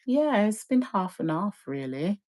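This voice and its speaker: A woman's voice: medium pitch, very animated, unhurried, dark tone. A woman from Jamaica in casual live-stream chat, chatty, laughing often and restarting her sentences.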